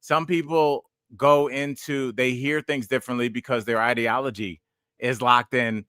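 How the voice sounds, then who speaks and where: A man's voice: medium pitch, fairly even intonation, normal speed, fairly bright tone, smooth, no room sound, clean studio sound. A man in his forties, a podcast host and stand-up comedian, chatting casually and telling rambling, digressive stories.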